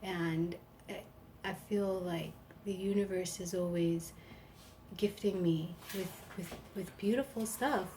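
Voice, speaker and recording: A woman's voice: on the low side, steady tone, takes it slowly, warm tone. Chatty woman rambling with a slight hiss. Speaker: live-stream host. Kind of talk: casual chat.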